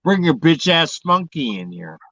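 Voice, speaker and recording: Caller, man, aggressive profane trash-talker; high, very lively pitch, lo-fi sound. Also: unhurried, no echo. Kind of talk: casual chat. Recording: dull lo-fi dry sound.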